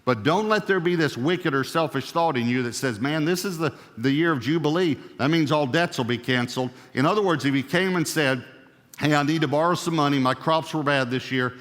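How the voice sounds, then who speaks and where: A man preaching a sermon, emphatic, with a voice that swings up and down in pitch and loudness. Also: brisk, long reverb tail. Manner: emphatic, rising and falling in pitch and volume. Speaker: pastor.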